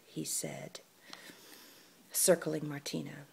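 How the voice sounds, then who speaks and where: Slow, expressive woman storyteller. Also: fairly low pitch, creaky, breathy edge. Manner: expressive, playful. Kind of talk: children's story read-aloud.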